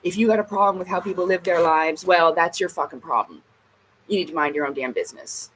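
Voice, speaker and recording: A woman's voice: lowish voice, quick pace, fairly bright tone, a little hiss or hum, rough recording. A woman vlogger in a casual ranting monologue, blunt and emphatic, swearing heavily.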